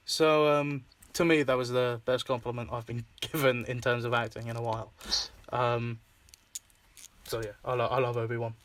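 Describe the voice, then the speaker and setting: A man's voice: mid-range voice, flat delivery, moderate pace, a bit bright. A young Scottish man hosting a casual chat, rambling with fillers, swearing and laughing often. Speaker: podcast host and filmmaker.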